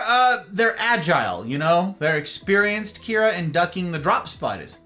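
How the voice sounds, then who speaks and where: A man hosts a casual livestream, bantering with his viewers and wandering from joke to joke. His voice is bright and keen, and his pitch swoops up and down as he talks. Soft music plays quietly behind him. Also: big pitch swings, moderate pace. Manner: rambling, jokey banter with viewers. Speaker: streamer reading chat.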